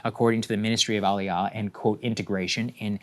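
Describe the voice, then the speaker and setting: Sardonic low-voiced male news co-host. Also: steady tone, fast talker. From Texas. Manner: sardonic, blunt, jumps up in pitch for emphasis. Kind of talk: casual political commentary.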